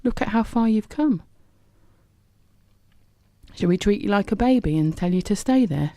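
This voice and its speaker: A woman's voice: medium pitch, lively intonation, moderate pace, mellow, no room sound, studio quality, pitched above the performer's own voice, lightly acted. A woman voicing an encouraging male friend who hiccups and teases. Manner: coaxing, cheerful, teasing.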